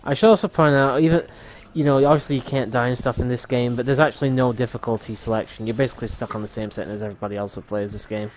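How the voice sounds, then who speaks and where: A man's voice: medium pitch, steady tone, very fast, few pauses, a little mellow, slight background noise. A man hosting a gaming livestream, casually explaining the game and swearing freely. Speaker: livestream host playing a game.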